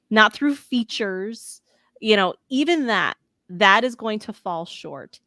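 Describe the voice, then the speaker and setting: A woman's voice: on the low side, a bit bright, no echo, clean studio sound. A woman consultant giving interview answers, articulate and emphatic, laughing now and then. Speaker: guest, change management consultant.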